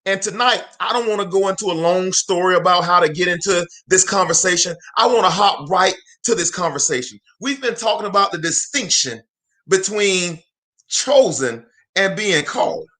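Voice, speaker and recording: A man hosting a live-streamed motivational talk, preaching with drawn-out emphatic phrases and greeting viewers by name. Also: high-pitched, expressive, bright, forceful tone. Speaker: motivational speaker and livestream host.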